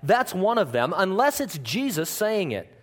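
A man, a pastor, giving a conversational sermon in church, joking and often changing his pitch and loudness. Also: very animated, normal speed.

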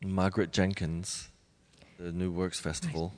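A man in his forties, a ballet dancer being interviewed, who talks thoughtfully with many pauses and restarts. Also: low-pitched, little pitch movement. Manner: thoughtful, halting, many restarts and soft laughs. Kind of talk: reflective interview conversation.

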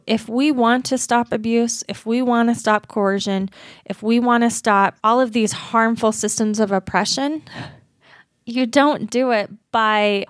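A woman's voice: a little high, dry recording, studio quality. A woman from Utah, a guest advocate, talking earnestly and reflectively in an interview, often critical of herself. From Utah, USA.

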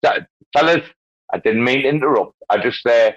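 A boisterous man who rambles and swears his way through loose banter, his pitch jumping all over the place. His voice comes through a muffled, lo-fi online call line. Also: fast talker. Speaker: guest speaker in a crypto audio space. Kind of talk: rowdy casual banter.

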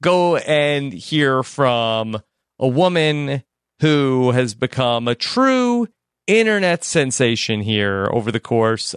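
A man co-hosting a casual podcast, teasing and laughing, with drawn-out filler pauses. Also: medium pitch, a bit bright, clean tone, dry recording, studio quality. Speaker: podcast co-host.

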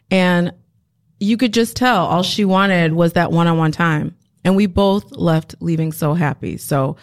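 A woman volunteer mentor speaking softly and with feeling in casual talk. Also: on the low side, smooth. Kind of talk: casual chat.

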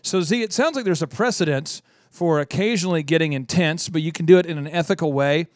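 A man hosting a business talk radio show, telling stories quickly and acting out the quotes he tells. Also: on the high side, no room sound, studio quality. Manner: quick storytelling, acts out quotes. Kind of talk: casual radio chat.

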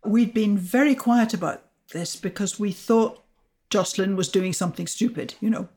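A woman's voice: medium pitch, dark tone. Older woman telling a science story. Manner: measured, explanatory storytelling. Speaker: astrophysicist guest. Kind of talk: storytelling interview answers.

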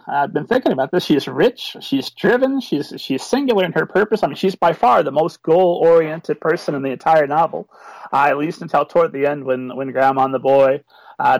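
Creaky-voiced man, eager podcast guest. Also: a little high, no echo, low-quality recording. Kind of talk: enthusiastic interview answers.

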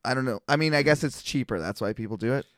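A man's voice: medium pitch, fast talker, no room sound, clean studio sound. A young man telling a wild story in casual chat, rambling, laughing and swearing freely.

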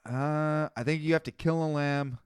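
A man with a high, smooth, resonant voice reads Bible verses aloud and breaks off to joke about them, laughing often. The sound is close and dry, with no room around it. He talks in a casual comedic chat. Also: fairly even intonation, normal speed, no room sound. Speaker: podcast host reading the Bible.

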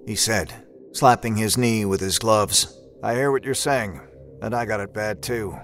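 A man's voice: fairly low pitch, unhurried, a bit bright, faint music behind. A man narrating an audio drama in the first person, with a folksy old-timey drawl and a laid-back, wry manner.

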